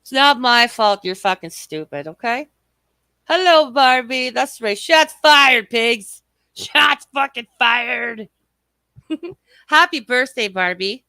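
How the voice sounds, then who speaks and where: A bright, sharp-toned woman runs a casual livestream, heaping profanity and mockery on the people she rambles about. Her voice sits a touch high for a woman, and her throat sounds a little scratchy. The recording is close and dry, with no room sound. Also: expressive, slow pace, clean tone, no echo. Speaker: livestream host. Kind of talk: casual livestream chat reading comments.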